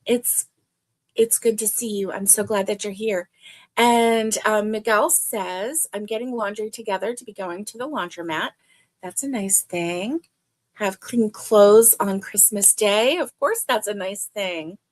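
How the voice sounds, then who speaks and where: A middle-aged woman hosting a casual livestream, chatting warmly and greeting viewers by name. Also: mid-range voice, a little slow. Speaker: livestream host.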